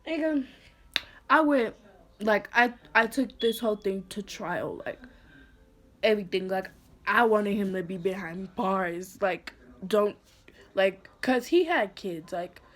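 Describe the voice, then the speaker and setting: A young woman vlogger telling a personal story in a somber, halting way, full of "like" fillers and restarts. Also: mid-range voice. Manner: somber, emotional retelling. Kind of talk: storytime vlog.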